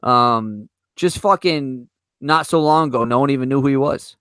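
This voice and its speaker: A man hosting a casual podcast, swearing often and talking in halting bursts. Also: mid-range voice, fairly bright tone, clean tone, no room sound. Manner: swears a lot, halting with restarts. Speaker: podcast host.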